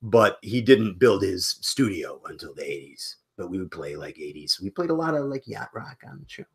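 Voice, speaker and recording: Middle-aged guy cohosting a movie podcast, husky voice, pitch jumps all over, grumpy joking. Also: moderate pace. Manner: animated, self-mocking grumbling. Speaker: podcast co-host. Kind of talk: casual chat.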